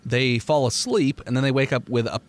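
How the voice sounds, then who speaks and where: A man's voice: mid-range voice, brisk. A man narrating as game master, explaining in a loose, chatty way with filler words.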